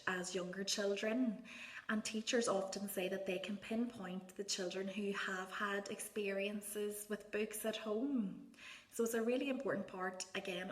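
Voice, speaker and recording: A woman speech therapist gives parents gentle, encouraging advice and models words in a soft sing-song voice. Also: mid-range voice. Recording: echoey room.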